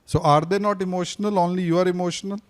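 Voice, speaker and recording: A man's voice: high-pitched, fairly even intonation, fast. A man teaching a live class in a classroom, quizzing his students and repeating his points. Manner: questions the audience, repeats points, switches briefly into Hindi. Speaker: speaking coach teaching a class. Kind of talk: interactive classroom lecture.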